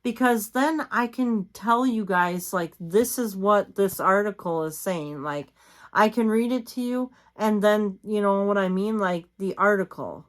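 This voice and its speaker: A woman's voice: mid-range voice, unhurried. A woman vlogging at home late at night, tired and yawning, chatting casually in a rambling way with lots of fillers and reading bits of articles aloud. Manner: rambling, repeats herself, many fillers.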